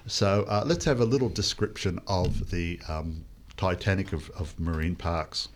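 Male host, very low voice, loose and rambling film talk. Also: measured pace, slight background noise. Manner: rambling, hesitant, full of restarts. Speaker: podcast host reviewing a film. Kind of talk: casual chat.

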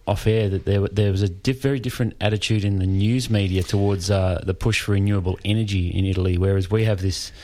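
A man's voice: on the low side, fairly even intonation, quick pace, few pauses, dark tone. A male radio host from Australia, chatty and wordy as he asks his questions. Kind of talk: casual radio chat.

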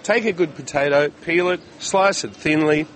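A man hosting a casual chat at an outdoor market, jokey and quick with asides. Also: on the high side, fairly bright tone.

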